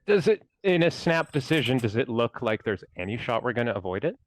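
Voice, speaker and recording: A man playing a tabletop game in casual chat, asking quick questions about the rules. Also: medium pitch, big pitch swings, no room sound. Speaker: player.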